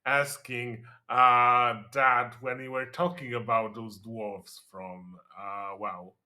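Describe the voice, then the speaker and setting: A man with a nasal voice and a bright, forceful tone chats on a stream. He speaks in stops and starts, often restarting his sentences. His pitch sits in the middle. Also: steady tone, slow. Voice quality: nasal, low voice. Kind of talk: casual stream chat.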